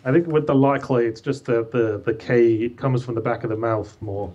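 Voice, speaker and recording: A man's voice: mid-range voice, fairly even intonation, a little fast, mellow, highs cut off. A man calling in as a guest author, chatting casually with dry, wry humor. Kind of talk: casual chat.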